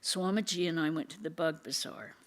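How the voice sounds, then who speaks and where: A reader going through a devotional book with a study group. The voice sits in a middle range and the reading stays measured and unhurried. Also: mid-range voice.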